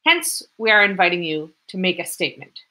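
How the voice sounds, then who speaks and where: A woman's voice: on the low side, big pitch swings, a little fast, sharp tone, low-quality recording. A woman voicing a smug male head clerk who explains rules officiously. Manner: officious, matter-of-fact.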